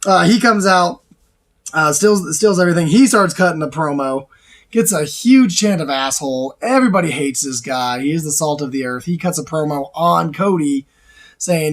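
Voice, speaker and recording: An excitable man hosts a casual back-and-forth, his voice sitting a bit high. He rambles, laughs often and trips over his own restarts as he rushes to get his thoughts out. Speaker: show host. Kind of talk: casual chat.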